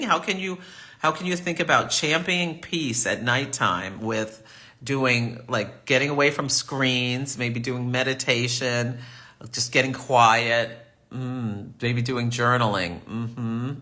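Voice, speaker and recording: Slow, bright-voiced chatty astrologer man. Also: medium pitch. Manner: chatty and affirming, reads viewer comments aloud. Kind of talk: live-stream reading and chat.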